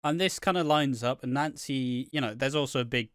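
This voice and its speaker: A man co-hosts a casual podcast and rambles through a recap, often stopping and restarting his sentences. His voice sits at an ordinary pitch. It sounds dry and close, with no room around it. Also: fairly quick, fairly bright tone, clear, resonant tone, dry recording. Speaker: podcast co-host.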